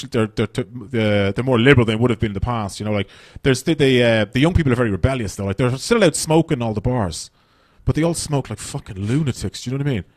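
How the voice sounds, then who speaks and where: A man's voice: medium pitch, dry recording, clean studio sound. An Irish man doing stand-up comedy on a festival stage, brash and profane, rambling through his stories.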